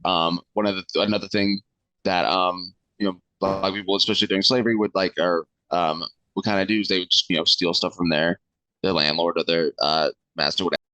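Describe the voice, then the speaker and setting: A man's voice: deep voice, fairly even intonation, fairly quick, sharp tone, no echo, poor audio. A male podcast guest explaining history in a hesitant way, with many fillers. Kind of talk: casual podcast chat.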